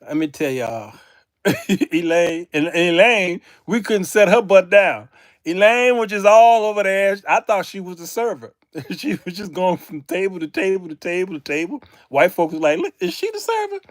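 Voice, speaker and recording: A man's voice: high-pitched, moderate pace, no room sound, clean studio sound. A man hosting a casual live stream, telling stories to viewers with frequent laughter. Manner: animated storytelling, laughing often, addressing viewers as y'all. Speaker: host.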